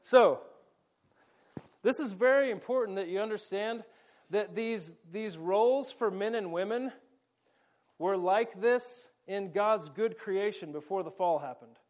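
High-voiced man preaching an animated sermon. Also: unhurried. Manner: animated, explanatory, playful asides. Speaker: pastor. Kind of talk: sermon with volunteers acting out a scene.

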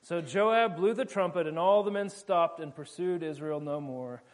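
A man preaching in a casual, jokey way, retelling a scripture story with quick voiced asides. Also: fairly high pitch.

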